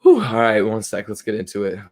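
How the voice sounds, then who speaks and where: A man's voice: lowish voice, big pitch swings, brisk, a little mellow. A young man hosts a sports betting segment in his natural speaking voice. He talks casually and confidently through his picks, with loose fillers and conversational asides. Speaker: sports betting show host.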